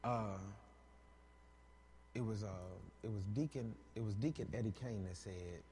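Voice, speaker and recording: A man preaching a sermon, animated and joking, rising to shouts at times. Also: lowish voice, unhurried, long reverb tail, a little hiss or hum.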